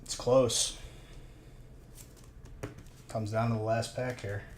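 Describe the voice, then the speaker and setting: A man's voice: mid-range voice, little pitch movement, slow pace, a little hiss or hum. A man with a stuffy nose chatting casually on a live stream while opening trading card packs and thanking viewers.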